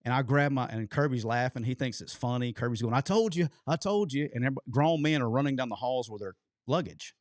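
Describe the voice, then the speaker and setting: A man spins a long yarn at an even, middling pitch. His delivery is animated and loose, and he swears casually. The sound is dry and close, as if in a small studio. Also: quick pace, few pauses, no room sound. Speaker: co-host telling a coaching story. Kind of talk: casual storytelling chat.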